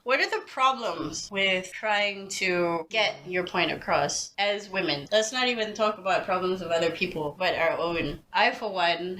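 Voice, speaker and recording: Bright-voiced woman co-hosting a chat podcast. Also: medium pitch, slight background noise. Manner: animated, jokey, breaks into mock voices. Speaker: podcast co-host. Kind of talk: casual chat.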